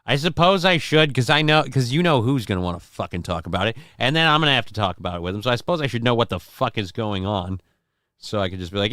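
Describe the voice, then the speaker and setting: A man's voice: mid-range voice, fast, sharp tone, no echo, studio quality. A man hosting a casual livestream from home, reading out viewer comments in a rambling, profane, self-deprecating way. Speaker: livestream show host.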